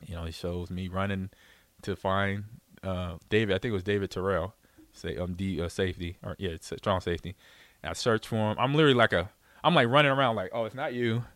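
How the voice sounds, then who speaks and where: Deep-voiced and fast-talking, this middle-aged ex-football pro tells a casual story with no room sound. He's animated throughout, imitating others' voices and laughing frequently.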